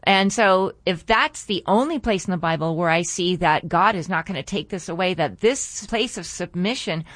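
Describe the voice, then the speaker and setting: A woman's voice: fairly low pitch, moderate pace, fairly bright tone, no room sound, clean studio sound. A woman hosting a faith-based radio talk show, earnest and a little preachy as she draws lessons from scripture.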